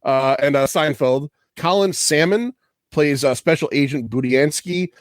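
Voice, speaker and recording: A man's voice: fairly high pitch, unhurried, no echo, studio quality. A man hosting a podcast, talking casually and profanely, rambling through trivia and laughing often. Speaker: podcast host.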